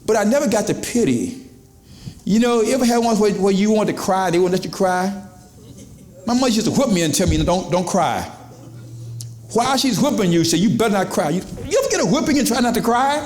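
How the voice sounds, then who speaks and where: A man preaching a sermon as pastor, animated, swinging from low emphatic lines to high exclamations. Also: brisk, pauses often, reverberant.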